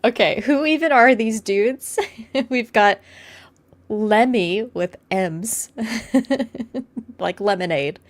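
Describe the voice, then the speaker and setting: A woman co-hosting a casual chat, laid-back, thinking aloud with ums and drawn-out words. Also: mid-range voice. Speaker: podcast co-host.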